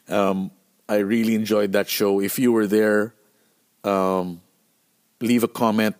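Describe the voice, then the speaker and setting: Profane man telling road stories. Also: fairly low pitch. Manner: animated, profane, acts out quotes. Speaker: podcast host and band musician. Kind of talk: casual storytelling monologue.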